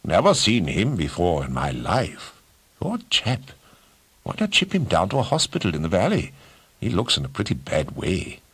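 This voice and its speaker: A man's voice: low-pitched, huge pitch swings, moderate pace, fairly bright tone, slightly rough, full character voice. A man reading an audiobook, voicing a composed British agent posing as a polite genealogist. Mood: offhand. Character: hard-pressed British male agent in disguise.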